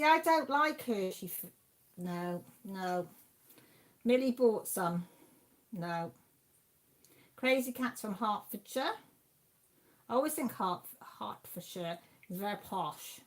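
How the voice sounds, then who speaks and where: A woman hosting a craft livestream, chatting casually as she reads out viewer messages and answers them. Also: medium pitch. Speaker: livestream host. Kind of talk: casual chat reading viewer comments.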